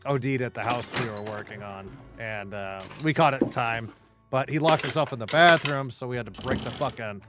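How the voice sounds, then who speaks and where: A man's voice: mid-range voice, brisk, music in the background. A middle-aged man telling stories while gaming, blunt, heavily profane and laughing often. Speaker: gaming streamer. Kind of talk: casual storytelling while gaming.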